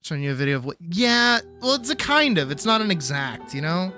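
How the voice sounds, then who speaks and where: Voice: mid-range voice, very animated, a little fast, sharp tone, faint music behind. A streamer chatting casually while reacting to videos, musing aloud and trailing off mid-thought.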